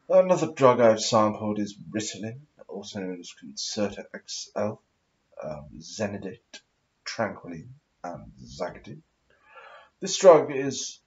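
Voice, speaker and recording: A man's voice: lowish voice, darkish tone, lo-fi sound. Man in a put-on posh voice. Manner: affected posh aristocratic put-on voice; swears often, meandering. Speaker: vlogger. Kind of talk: rambling casual monologue.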